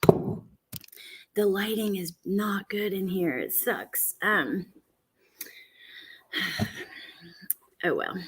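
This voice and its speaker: A woman's voice: mid-range voice, very animated, extremely slow, long pauses, slightly rough. A woman hosting a casual livestream from home, chatting with viewers and greeting them by name, with lots of fillers. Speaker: true crime livestream host. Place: at home, indoors. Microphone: computer camera setup for a livestream.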